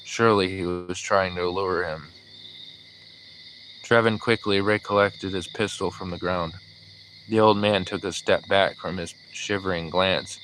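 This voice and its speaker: Male audiobook narrator, low voice, forceful clear tone, calm steady reading. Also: unhurried, a little hiss or hum, rough recording. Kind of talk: scripted narration.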